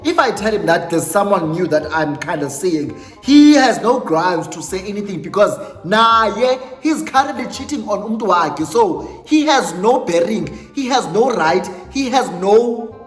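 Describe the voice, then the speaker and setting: A South African man spins a dramatic storytime for his channel, switching between English and Xhosa as he goes. His voice sits high for a man. The room is echoey with a long reverb tail, and faint music plays underneath. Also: normal speed. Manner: animated, dramatic retelling, mixing English with Xhosa phrases. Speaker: YouTuber. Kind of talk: storytime vlog.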